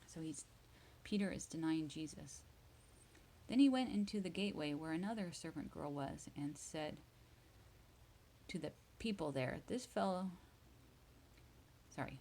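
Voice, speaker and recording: A woman reading Bible verses aloud slowly and retelling each one in simple words for English learners, at times dropping to a whisper. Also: low voice, lively intonation, mellow, low-quality recording. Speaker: English teacher.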